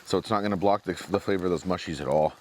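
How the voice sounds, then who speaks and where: A man's voice: low voice, racing, slight background noise. A man hosting an outdoor vlog, chatting casually to the viewers while camping by a fire in the forest. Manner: relaxed, chatty, talks to the viewers.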